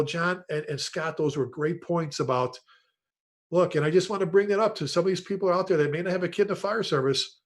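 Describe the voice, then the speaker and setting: A man hosting a casual online panel chat on a video call, telling stories and addressing the panelists by name. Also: on the high side. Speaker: host, retired fire chief.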